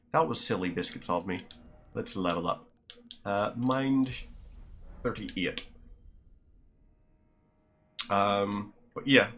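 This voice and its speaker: A man's voice: deep voice, a bit bright. A man with a Northern Irish accent chatting casually to his viewers while streaming a game, rambling and friendly. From Northern Ireland.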